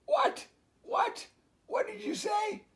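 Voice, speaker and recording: A man voicing a fussy, excitable male duck in a storybook read-aloud, squawking high and loud. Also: slow, exaggerated voice. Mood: flustered.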